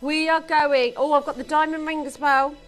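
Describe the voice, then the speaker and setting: A woman's voice: sits high, moderate pace, soft background music. Gushing woman selling on live TV. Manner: excitable, gushing, urging viewers to buy. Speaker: shopping channel presenter. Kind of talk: live TV shopping sales patter.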